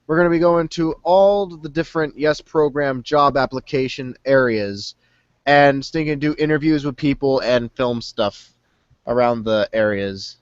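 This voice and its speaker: A man's voice: medium pitch, a little slow, clear, resonant tone, no echo, lo-fi sound. A young man hosting a casual podcast over a call, rambling and peppering his talk with a pet filler word. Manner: rambling, fills speech with "stinking". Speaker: podcast host. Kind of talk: casual chat.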